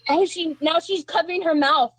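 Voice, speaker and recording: Woman, livestream host, high voice, dry sound; combative, mocking, says things twice. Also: moderate pace, fairly bright tone, dry recording. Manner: combative, mocking, repeats herself. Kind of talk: heated livestream commentary.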